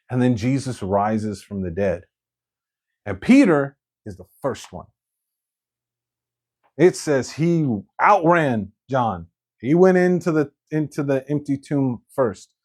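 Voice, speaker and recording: Animated male preacher. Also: mid-range voice. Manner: animated storytelling, acts out quoted lines. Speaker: pastor. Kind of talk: sermon.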